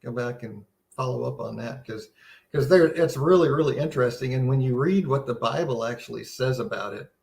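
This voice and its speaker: A man's voice: medium pitch, brisk, creaky, darkish tone, roomy sound. A man giving a casual, earnest Bible seminar talk, teaching conversationally with many restarts and a sense of wonder. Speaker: seminar presenter.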